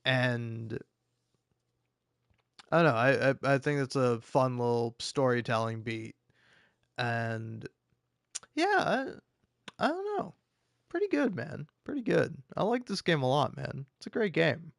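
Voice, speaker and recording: A man's voice: mid-range voice, sing-song, measured pace, gravelly, long pauses, dry recording. A young man chatting casually as he plays and comments on a game, rambling with many restarts and swearing. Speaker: YouTuber, gameplay commentator. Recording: game music behind.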